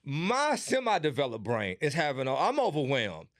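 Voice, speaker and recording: A man's voice: fairly high pitch, huge pitch swings, moderate pace, fairly bright tone, dry recording, studio quality. A man hosting an interview, reacting with exclamations and jokes as his guest talks. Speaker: podcast host. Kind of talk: conversational interview.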